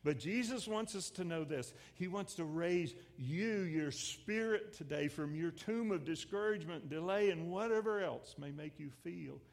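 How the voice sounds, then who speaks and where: A man pastor preaching a sermon, swelling loud and then dropping to hushed lines. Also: a little high, normal speed, gravelly, few pauses. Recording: echoey hall with long reverb.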